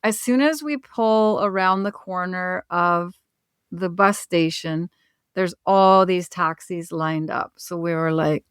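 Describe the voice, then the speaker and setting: A woman's voice: on the low side, takes it slowly, clear, resonant tone, dry recording, studio quality. A woman, a travel author and podcast guest, telling a travel story in a conversational way, laughing now and then. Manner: animated, laughs while telling stories.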